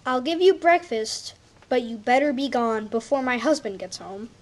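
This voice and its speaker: A woman voicing a giant's kindly wife in a storybook reading, giving hushed, urgent warnings. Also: on the high side, normal speed, close to an everyday voice.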